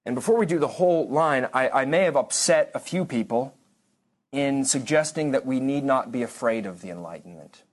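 A man teaching a church history class in an easy, conversational way. He wanders off on tangents, restarts his sentences and drops dry asides, and his voice sits at an ordinary, middle pitch. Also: animated, moderate pace. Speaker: lecturer.

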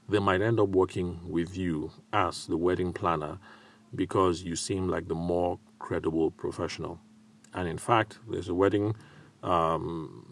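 Low-voiced man giving advice. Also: gravelly. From Nigeria. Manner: measured and advisory, with frequent filler pauses. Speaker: podcast host. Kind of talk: solo advice podcast.

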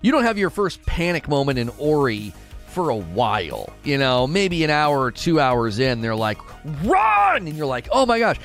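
Over faint music, a man with a medium-pitched voice and moderate pace chats with viewers while gaming on a live stream. He's animated, reads their chat messages out loud, and frequently starts his sentences over.

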